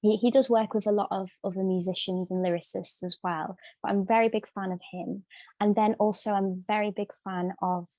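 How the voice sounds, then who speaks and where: A woman's voice: mid-range voice, fairly even intonation, brisk, warm tone, dry recording. Woman singer guest on a podcast, lots of ums, dry close sound. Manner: hesitant, many ums and restarts. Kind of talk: casual interview answers.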